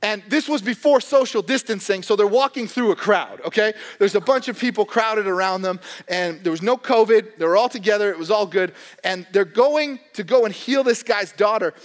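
A man preaching a sermon as pastor, animated and joking, acting out the voices of characters in the stories he tells. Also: high voice, normal speed, hardly any pauses. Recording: long hall reverb.

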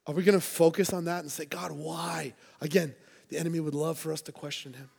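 A man's voice: a little high, steady tone, fairly quick, gravelly, darkish tone, breathy edge. A man preaching a sermon to a church congregation, earnest and conversational, with playful asides. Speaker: pastor.

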